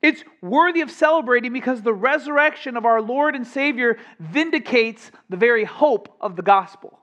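A male pastor delivers a sermon with animated, conversational energy, mixing scripture reading with casual asides. His voice sits high for a man. The recording sounds a little dull and muffled. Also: normal speed. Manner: animated, conversational preaching with asides and acted quotes.

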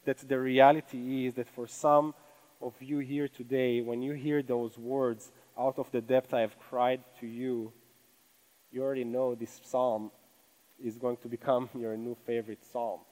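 A man's voice: mid-range voice, level tone, unhurried, darkish tone, poor audio. A man with a non-native English accent preaching a sermon from a church stage, earnest and conversational, with many rhetorical questions. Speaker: pastor.

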